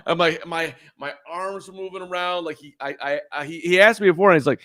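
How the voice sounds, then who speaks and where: A man's voice: a little high, brisk, bright, forceful tone, dry recording, studio quality. A man co-hosting a casual sports podcast, telling a rambling story with lots of restarts. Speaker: podcast co-host. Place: in Chicago.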